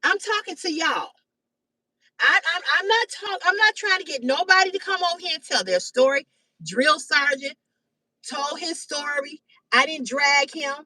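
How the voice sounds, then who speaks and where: A woman in her fifties hosting a live stream, talking bluntly and loudly with heavy cursing. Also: sits high, normal speed, no room sound, recorded from a distance, poor audio. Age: 50s. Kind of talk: profane casual live-stream rant. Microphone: phone or webcam on a live stream.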